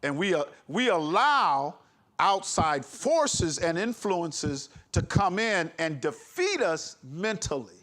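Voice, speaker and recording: A man's voice: high voice, very animated, slow pace, a bit bright. A man preaching a sermon with an impassioned, emphatic delivery, breaking into laughs. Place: congregation hall.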